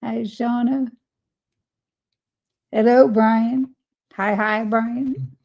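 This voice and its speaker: Slow, gravelly woman hosting a live chat. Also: fairly high pitch, steady tone, a little mellow. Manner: greets viewers by name and reads chat comments aloud, laughing often. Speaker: live stream host.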